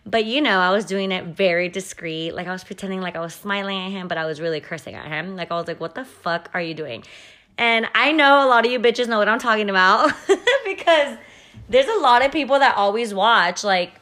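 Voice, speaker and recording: A woman's voice: medium pitch, brisk, pushed and bright. A woman in her thirties hosting a podcast, telling a story in a blunt, profane, chatty way full of "like" fillers. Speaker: podcast host. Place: at home.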